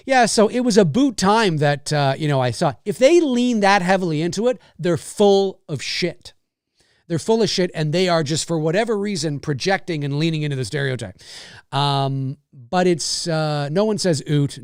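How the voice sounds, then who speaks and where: Canadian male live-show host, rambling, animated, slightly high voice, dry sound. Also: no room sound. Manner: rambling, animated, swears freely. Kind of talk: casual live-stream chat.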